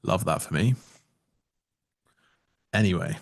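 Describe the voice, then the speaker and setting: A man's voice: sits low, sing-song, takes it slowly, gravelly. A man giving casual live-stream trading commentary, joking wryly and answering chat aloud into a close mic.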